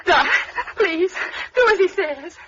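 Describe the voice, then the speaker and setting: A frightened young woman, very high and bright, anxious and pleading. 1940s radio play, dull old broadcast sound. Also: expressive, slow pace, a little hiss or hum, full character voice. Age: young adult.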